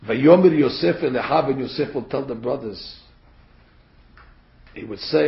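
A man's voice: medium pitch, moderate pace, vocal fry. A man giving a Torah class to a group of women, earnest and emphatic, asking rhetorical questions and pressing hard on key points. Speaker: Torah teacher. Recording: echoey room, dull lo-fi sound.

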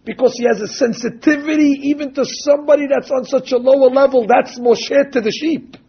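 Casting: emphatic preacher, a man with a high, husky voice, on a dull lo-fi recording. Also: steady tone. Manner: emphatic, drawn-out quoting of texts. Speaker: rabbi or religious teacher. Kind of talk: sermon with storytelling.

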